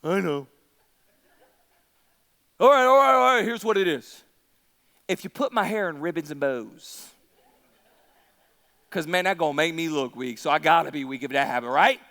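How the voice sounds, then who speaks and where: A man's voice: on the high side, animated, moderate pace, pauses often, pushed and bright, pitched below the performer's own voice. A cocky, bragging strongman, as a preacher puts him on, pushed well below his own voice with a brash, slangy swagger. The lines ring out in a large hall with a long reverb. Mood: careless. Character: cocky bragging strongman Samson, adult man.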